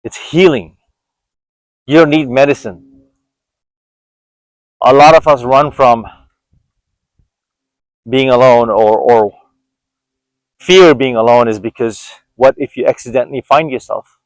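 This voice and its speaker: Walking outdoors, a reflective man in his forties gives an earnest vlog monologue, often starting his sentences over. He talks slowly at a middle pitch with long pauses, and his voice is dry and close with no echo, though the recording is rough.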